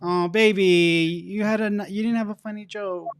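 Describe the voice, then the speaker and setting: A man giving psychic readings on a live stream, chatty and animated, laughing easily. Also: high voice, normal speed, noisy background. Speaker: psychic reader, co-host. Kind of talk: live reading, casual chat.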